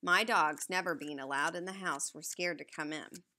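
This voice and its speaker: A woman reading a novel aloud in the first person, steady and even as a storyteller. Her voice sits slightly low yet sounds bright and forceful. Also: normal speed. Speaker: audiobook narrator.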